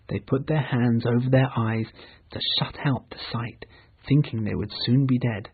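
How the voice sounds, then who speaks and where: A man reads a storybook slowly and clearly for learners, in a mid-pitched, very husky voice. The recording is narrow and tinny, like a phone line. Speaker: narrator. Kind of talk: storybook reading for English learners.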